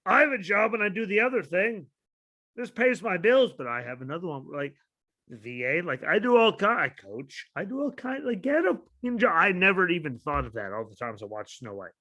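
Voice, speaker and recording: A young man co-hosting a casual wrestling podcast, ranting with lots of swearing and sudden shouted bits of quoted dialogue. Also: high voice, fairly quick. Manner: ranting, profane, animated, shouts out quoted lines. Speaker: podcast co-host.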